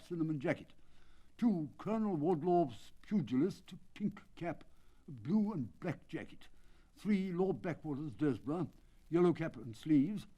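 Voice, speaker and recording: Older male narrator, theatrical and measured, lively pitch. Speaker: audiobook narrator. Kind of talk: dramatic audiobook reading.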